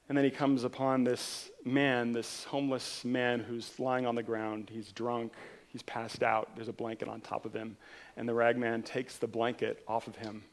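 A man preaching from the pulpit, his voice carrying a rough, gravelly texture. He tells a parable with earnest intensity, swelling and then pulling back quietly. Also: medium pitch. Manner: earnest, retelling a parable with rising and falling intensity. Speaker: pastor. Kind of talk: sermon storytelling.

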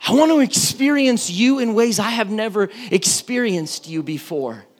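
A man voicing Moses, pleading earnestly with God in a lowered, hushed voice. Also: lively intonation, moderate pace.

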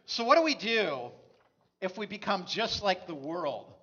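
A man's voice: sits high, big pitch swings, measured pace, sharp tone, slightly rough, muffled recording. A man preaching a sermon as a pastor, telling stories in a conversational way.

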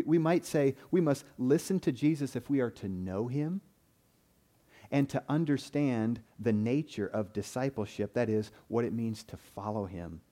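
Brief: male pastor mid-sermon, earnest, mellow timbre, stammered restarts. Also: medium pitch. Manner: earnest, repeats words when starting phrases. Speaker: preacher.

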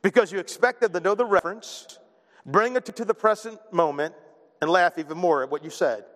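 A man preaching a sermon in a conversational, animated way, often repeating words as he starts a thought. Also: high voice, fairly quick. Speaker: pastor. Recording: long reverb of a large hall.

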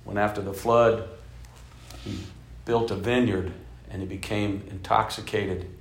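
A low-voiced man in his fifties preaches to his congregation, moving from forceful emphasis to near-whispered storytelling. His sermon rings through an echoey church hall. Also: fairly even intonation, a little slow, vocal fry. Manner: storytelling preacher, swinging from loud emphasis to soft, hushed delivery. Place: church sanctuary.

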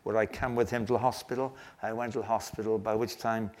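An older man preaching a sermon, telling a story earnestly and slowing down to stress key phrases. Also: fairly low pitch, steady tone, a little mellow. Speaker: pastor.

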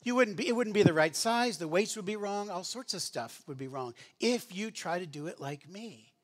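A man's voice: sits high, lively intonation, moderate pace. A man preaching a sermon in an earnest, conversational teaching manner, often restarting his phrases. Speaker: pastor.

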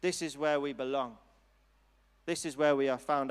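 Man, preacher, earnest, unhurried, mid-pitched voice, long hall reverb. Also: fairly even intonation, vocal fry, clear, resonant tone. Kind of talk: sermon with altar call.

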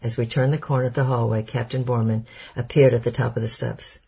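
A man narrating a chapter of an audiobook in a steady, measured storytelling manner. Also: medium pitch, creaky, breathy edge. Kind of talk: scripted narration.

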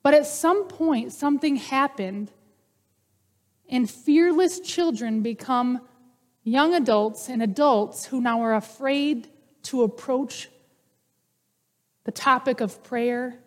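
A woman's voice: sits high, takes it slowly, long pauses, a little mellow. A woman pastor giving a conversational, humorous sermon. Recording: long hall reverb.

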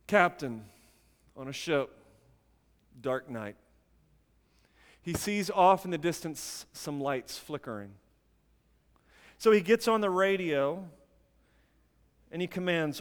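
A man preaching a sermon, emphatic at times and dropping to quiet intensity. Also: a little high, clean tone, in a large hall.

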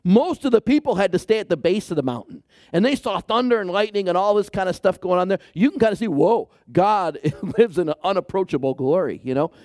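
A man preaching a sermon with a slightly raised pitch that swings widely as he talks. He mixes playful asides to his listeners with moments where he drops to a hushed, tender voice. The sound is dry and close. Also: fairly quick, few pauses, no echo. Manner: animated, shifts to hushed soft delivery for emphasis; playful asides and jokes to the congregation. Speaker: pastor.

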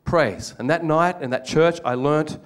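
Older Australian man, slightly high voice, animated storytelling sermon with humor. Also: measured pace. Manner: animated storytelling with jokes, acts out quoted voices. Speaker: preacher.

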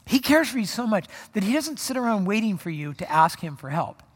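A man's voice: high-pitched, sing-song, fairly quick, big-room sound. A man preaching a sermon in a conversational way, often acting out quoted voices. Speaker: pastor.

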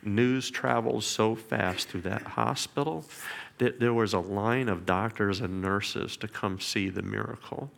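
A middle-aged man with a low, gravelly voice tells a personal testimony. He speaks earnestly and with strong emotion, and at times drops to a near whisper. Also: unhurried. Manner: earnest, emotional storytelling with quiet whispered prayers. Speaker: father giving a testimony.

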